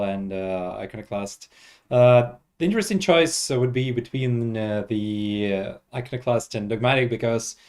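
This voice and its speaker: Brief: male stream host, hesitant, filler-heavy casual chat, mid pitch. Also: a little mellow.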